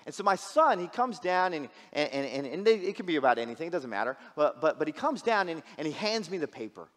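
A man's voice: a little high, sing-song, fast, fairly bright tone, in a large hall. A man preaching a sermon as a guest pastor, casual and joking, often repeating words as he restarts. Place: church sanctuary.

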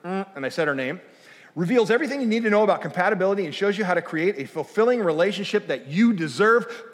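High-voiced man preaching in a reverberant hall. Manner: animated, self-deprecating, acts out dialogue. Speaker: guest speaker. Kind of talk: conversational sermon with storytelling. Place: church auditorium.

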